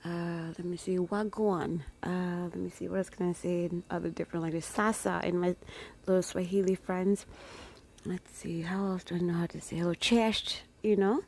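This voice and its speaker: A woman with a slightly low voice chats casually to her followers. She rambles along in a playful, loose way and keeps slipping into hushed, whispered asides. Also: steady tone, moderate pace, gravelly. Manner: chatty and rambling, with playful greetings. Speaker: vlogger.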